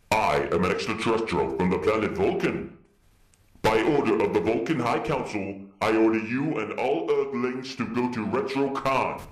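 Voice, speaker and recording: A man's voice: mid-range voice, close to an everyday voice. A man playing a pompous alien invader who gives stiff, solemn orders in a comic homemade commercial. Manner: stiff, solemn announcement delivery. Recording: roomy, echoey recording.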